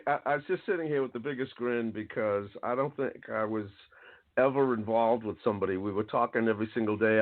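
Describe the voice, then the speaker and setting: A man hosting a casual interview as a coach, talking haltingly with many restarts. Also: medium pitch. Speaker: host, coach. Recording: tinny call line.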